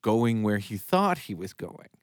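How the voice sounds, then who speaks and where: Animated teasing male co-host. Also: on the low side, unhurried, smooth, no room sound, studio quality. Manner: teasing, laughing, animated storytelling. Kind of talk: casual podcast chat.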